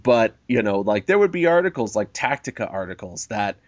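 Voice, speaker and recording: A man hosts a casual chat, animated and swearing freely, quoting people in mock voices. His voice is lowish and brisk, on a dull, lo-fi, dry recording.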